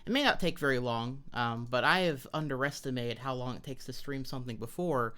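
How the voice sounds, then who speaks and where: A woman's voice: rumbling low, fairly quick, a bit bright. An American woman streaming live, chatting playfully and greeting her viewers by name. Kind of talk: casual live-stream chat. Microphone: wearing headphones.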